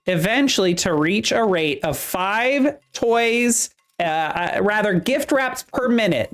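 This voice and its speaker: A game master voicing a chipper workshop supervisor at Santa's workshop, talking with a Midwestern accent in hurried tour-guide patter. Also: mid-range voice, pitched above the performer's own voice, close to an everyday voice. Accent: Midwestern American.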